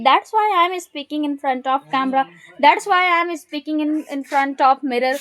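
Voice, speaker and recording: A woman's voice: high-pitched, a bit bright, no echo, rough recording. A woman whose first language is Hindi, vlogging outdoors in a village, encouraging learners with hesitant, repetitive phrasing. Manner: hesitant, repeats words, encouraging. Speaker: vlogger teaching English. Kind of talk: casual motivational vlog.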